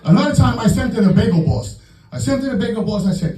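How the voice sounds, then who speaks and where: A man doing a stand-up set in a comedy club, brash and profane with loud punchlines. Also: very high-pitched, lively intonation, fast. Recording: roomy club sound from far off with crowd. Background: audience laughing.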